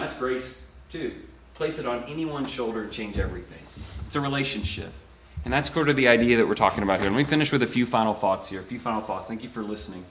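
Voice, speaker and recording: A middle-aged man preaching a sermon, animated, dropping to a hush and rising loud as he acts out imagined voices. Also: medium pitch, roomy sound, low-quality recording. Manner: animated, swings from hushed to loud when voicing imagined speakers.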